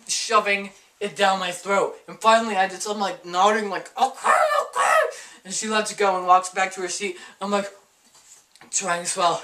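A man telling a funny personal story in a casual, animated, self-mocking way. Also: sits high, recorded from a distance, slight background noise.

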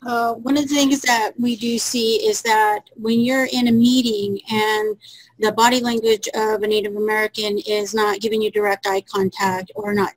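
A woman's voice: mid-range voice, no echo, poor audio. A woman on a webinar panel, earnestly explaining meeting customs. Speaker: panelist on Native American etiquette.

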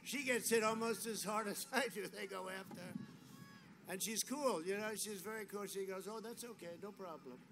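A man's voice: sits high, steady tone, moderate pace. A man giving a rambling, boastful rally speech outdoors, full of repetition and asides. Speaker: political speaker at a rally. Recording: noisy outdoor rally audio.

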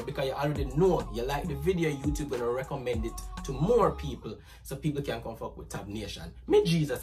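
A man with a Jamaican accent hosting a casual vlog, slangy and loose, tossing "bro" and "you dig" into every line while he chats to strangers on a video app. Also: medium pitch. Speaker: YouTube host. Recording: distant mic with loud music behind.

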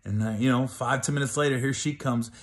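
A man's voice: mid-range voice, fairly even intonation, fairly quick. A middle-aged man telling a comic story, loose and chatty, laughing between bits. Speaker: comedian.

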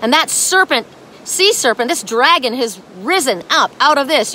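A woman's voice: sits high, sing-song, normal speed, pushed and bright, a little hiss or hum. A woman giving a spiritual oracle card reading in a dramatic, emphatic way, with casual swearing.

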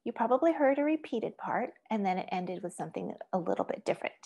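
A woman's voice: mid-range voice, expressive, fast, vocal fry, darkish tone, breathy edge, lo-fi sound. A woman teaching an online music lesson, giving patient step-by-step instructions and chanting rhythm syllables and counts. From Asia.

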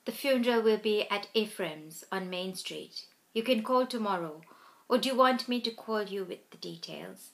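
A woman narrator voicing a soft-spoken female bookkeeper who delivers bad news gently. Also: mid-range voice, normal speed, vocal fry, poor audio. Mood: gentle.

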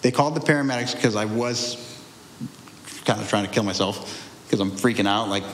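A young man shares his testimony as a guest in an echoey room with faint ambience, speaking candidly and rambling, often restarting and laughing through hard memories. His lowish voice is brisk and a bit bright, with slight background noise.

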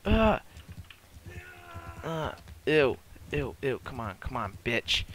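In a medium-pitched, slightly slow, somewhat bright voice, a man commentates his multiplayer beta gameplay live, swearing all the time, lashing out at enemies, and admitting he's a newcomer to the game. A little hiss or hum is audible.

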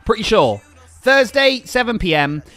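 Young guy streamer, high lively voice, excitable and chatty, faint music behind. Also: moderate pace. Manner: excitable, chatty, thanks donors aloud. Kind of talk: casual live-stream chat while gaming.

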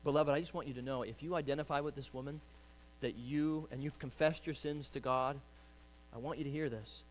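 A man preaching a sermon as pastor, urging loudly and then dropping to quiet pleading. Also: medium pitch, fairly even intonation, brisk, a little hiss or hum. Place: church sanctuary.

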